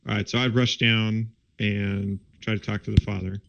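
A man's voice: on the low side, little pitch movement, normal speed, gravelly. A man playing a tabletop game, speaking hesitantly and restarting often, heard over a dull lo-fi mic. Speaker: player.

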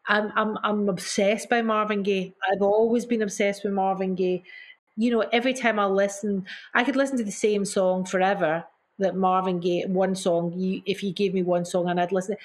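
A middle-aged woman being interviewed, spilling over with enthusiasm as she tells stories. She repeats and restarts herself and acts out what others said, in a voice of middle pitch. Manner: acts out quotes with gasps and mimicry. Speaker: singer, interview guest. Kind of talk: casual storytelling in an interview.

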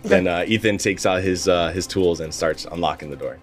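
A man's voice: deep voice, brisk, faint music behind. A man playing a tabletop game, nervous and hesitant, giggling often. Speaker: player.

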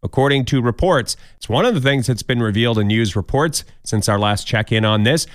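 A man's voice: mid-range voice, a little fast, dry recording, studio quality. A man hosting a podcast countdown of odd news stories, with jokey, wry asides. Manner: jokey, wry asides, mock quoted voices. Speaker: podcast host.

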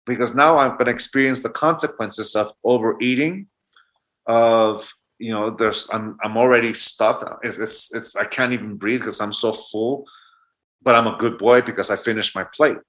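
A man's voice: mid-range voice, fairly even intonation, moderate pace, a bit bright. A man in his forties, a guest telling a reflective personal story and often restarting mid-thought. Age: 40s. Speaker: guest speaker.

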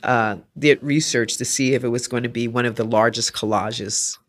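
This woman artist, a guest on a podcast, speaks in a very deep voice at normal speed. She's a lively storyteller in the interview, acting out the voices of people she quotes.

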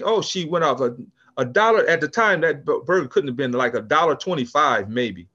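An older man from California with a high-pitched voice tells a story in a relaxed interview. He is lively and restarts his sentences often, slipping into other people's voices as he goes. The sound is dull and lo-fi. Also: brisk, husky. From California, USA. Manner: animated storyteller, acts out quotes, frequent restarts. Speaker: podcast guest, business founder.

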